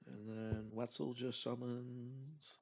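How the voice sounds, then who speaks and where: A man's voice: mid-range voice, fairly even intonation, slow, a little mellow. A man narrating as game master in a casual tabletop game session.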